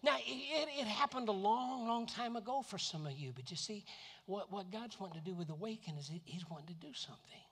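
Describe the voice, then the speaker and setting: A man from Florida preaching a sermon, animated, who often repeats words and acts out voices. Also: sits high, a little fast, husky. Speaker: pastor. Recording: long reverb of a hall.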